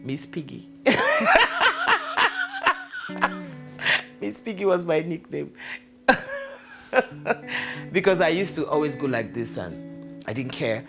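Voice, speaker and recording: Low-voiced Nigerian woman, lively storytelling. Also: slow, pauses often. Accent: Nigerian English. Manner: lively, chatty, breaks into laughter. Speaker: interviewee. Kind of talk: candid personal storytelling. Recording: voice over guitar music bed. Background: guitar music.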